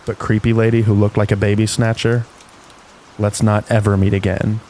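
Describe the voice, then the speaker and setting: A man reading stories aloud in calm, unhurried scripted narration meant for falling asleep. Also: on the low side. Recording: faint rain noise behind.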